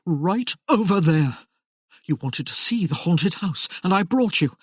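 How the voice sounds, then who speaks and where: A woman's voice: on the low side, lively intonation, a little slow, slightly rough, dry recording, studio quality. A woman playing a heartbroken, fiery jilted man. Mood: pleading. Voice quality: trembling, theatrical outbursts.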